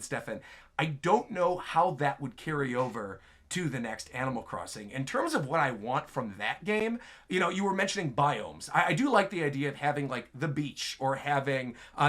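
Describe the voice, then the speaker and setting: Man, gaming show host, fairly high voice, casual chatty delivery, lots of "like" and "right?". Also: fairly bright tone. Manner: chatty, enthusiastic, fills with "like" and "right?". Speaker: host answering viewer questions.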